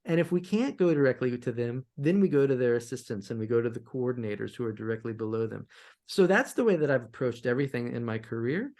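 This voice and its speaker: A man guest on a podcast interview, telling stories from his music career in an animated way and often repeating words as he restarts. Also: medium pitch, quick pace. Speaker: guest, sync licensing musician. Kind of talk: conversational interview answers.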